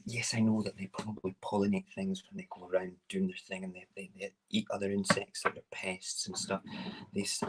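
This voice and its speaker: A man's voice: low voice, background noise. A middle-aged man hosting a casual morning stream while cooking in his home kitchen, rambling and self-mocking. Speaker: morning show host.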